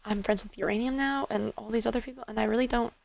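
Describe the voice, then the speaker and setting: A woman speaking in character during a game roleplay, anxious and halting, on the verge of tears and often apologizing. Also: on the high side, fairly even intonation, gravelly, dry recording. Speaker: roleplay player.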